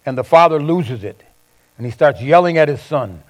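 A middle-aged man preaching a sermon, swinging from loud bursts to soft asides. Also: fairly high pitch, animated, moderate pace, lo-fi sound. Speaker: pastor.

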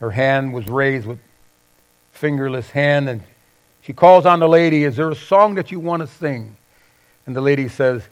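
A middle-aged man preaching a sermon, swinging from loud bursts to soft asides. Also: mid-range voice, animated, normal speed. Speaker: pastor.

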